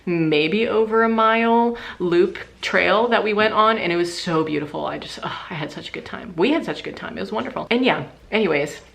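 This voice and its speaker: A woman's voice: mid-range voice, brisk, vocal fry, few pauses, fairly bright tone. A young woman vlogging casually to her camera indoors at night, telling stories in a chatty way full of fillers. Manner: chatty, filler-heavy storytelling. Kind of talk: casual vlog talk to camera. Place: indoors at a rented cabin at night. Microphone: handheld camera.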